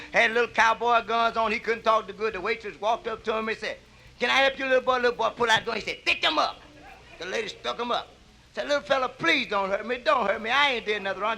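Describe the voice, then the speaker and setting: A man's voice: sits high, creaky, pushed and bright, slight background noise, poor audio. A middle-aged man, telling raunchy stand-up stories in a nightclub and acting out the characters with whoops and laughs. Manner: drawling storyteller, acts out characters with whoops and laughs. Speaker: stand-up comedian. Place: nightclub stage. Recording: live club album recording.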